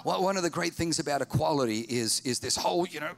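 A man preaching a sermon in an animated, joking and emphatic way. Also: fairly high pitch, fast talker, creaky. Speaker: pastor.

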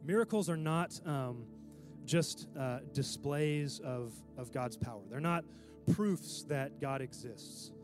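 A man's voice: medium pitch, lively intonation, slow pace, music in the background. A man preaching a sermon in a casual, conversational way, often checking in with his listeners.

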